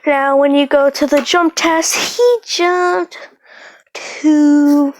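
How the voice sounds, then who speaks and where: A woman's voice: sits high, fairly even intonation, extremely slow, a little hiss or hum. Rambling woman retelling a fan story. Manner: rambling, hesitant, many fillers and restarts.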